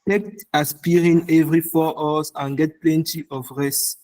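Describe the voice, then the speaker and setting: A man playing a calm doctor in a scripted textbook listening dialogue, speaking slowly. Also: fairly high pitch, natural voice, rough recording. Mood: advising. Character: calm male doctor giving advice.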